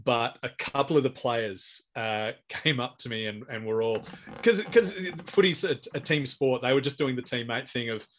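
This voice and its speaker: An Australian man in his forties, a comedian guest in a casual interview, rambles through anecdotes and restarts his sentences often. His mid-range voice has a fairly bright tone and moves at normal speed, with a little hiss or hum in the recording.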